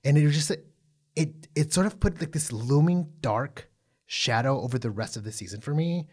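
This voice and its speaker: A man co-hosting a casual recap chat, animated and profane, full of fillers and restarts. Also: a little high, moderate pace. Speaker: podcast co-host.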